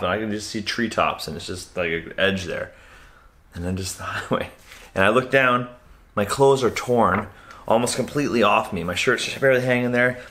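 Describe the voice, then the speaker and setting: A young man telling a rambling personal story to camera, acting out what he and his friends said in raised voices. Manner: animated, acts out quoted voices loudly and higher. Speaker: comedian and magician telling a story.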